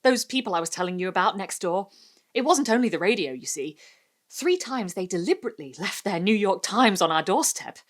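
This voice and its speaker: A woman's voice: mid-range voice, expressive, a little fast, natural voice. A woman voicing an anxious, proud woman who has just moved in next door, speaking earnestly with a slight unease.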